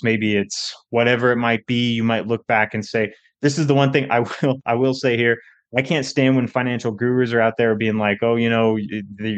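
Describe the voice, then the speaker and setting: Low-voiced man explaining personal finance. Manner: conversational, with fillers and restarts, quick bursts. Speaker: financial advisor, podcast host. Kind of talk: casual educational explainer.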